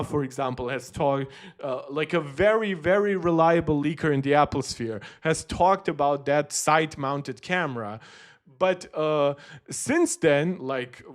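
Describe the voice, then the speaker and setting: Speaking German as his first language, a man hosts a tech channel and offers casual livestream commentary. His slightly high voice is chatty and rambling, full of restarts.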